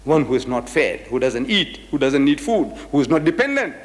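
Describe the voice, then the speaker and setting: Speaking at normal speed with a very animated, mid-range voice, a male public lecturer works a live crowd in a big-sounding room. He's emphatic, poses rhetorical questions, spells out words and chants phrases.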